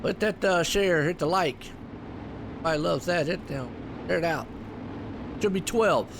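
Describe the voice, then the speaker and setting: A man calling a sim racing event, excitable and folksy, with loud bursts on big moves. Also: on the high side, moderate pace, creaky, noisy background. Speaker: race commentator. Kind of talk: sim racing play-by-play commentary.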